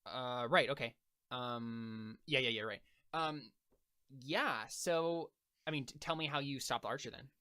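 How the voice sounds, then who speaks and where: A man's voice: mid-range voice, steady tone, measured pace, sharp tone, clear, resonant tone. Casual man running a tabletop game. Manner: casual, hesitant with many fillers. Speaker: game master.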